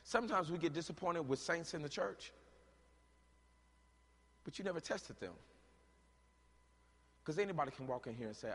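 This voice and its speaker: Man, preacher, higher-pitched, rhetorical call-and-response, loud then quiet, church sermon. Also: fairly quick, pauses often. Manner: asks rhetorical questions and leaves the answer to the congregation; swings between loud, shouted stretches and low, quiet talk. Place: church hall. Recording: long hall reverb.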